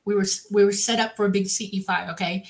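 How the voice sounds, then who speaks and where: Female co-host, animated storyteller, keeps asking "okay?", mid pitch. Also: fast. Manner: lively, animated retelling, says "okay?" often. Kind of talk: casual storytelling on a talk show.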